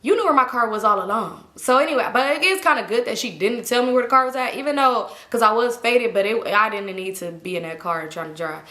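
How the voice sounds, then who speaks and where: A young woman telling a storytime tale to her viewers in a casual, animated, slangy and profane way. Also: on the high side, fast talker, hardly any pauses, reverberant. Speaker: storytime vlogger.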